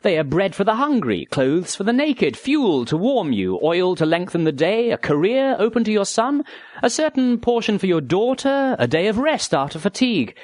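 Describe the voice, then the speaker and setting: A man with a fairly high voice reads aloud in an earnest, measured way, his pitch rising and falling with lively emphasis. The sound is dry and close, like a small studio booth. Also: dry recording. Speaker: narrator. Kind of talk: read-aloud dialogue narration.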